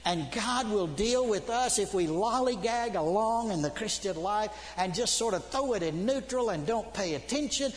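A middle-aged man preaching a sermon, urgent and emphatic, swinging from loud to hushed. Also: sits high, animated, normal speed. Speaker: preacher, seminary dean. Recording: long hall reverb.

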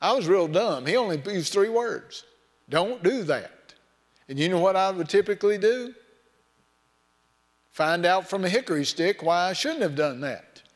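A man's voice: sits high, expressive, moderate pace. A man preaching a sermon in a folksy, storytelling way, mixing scripture with personal anecdotes. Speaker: pastor. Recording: long hall reverb.

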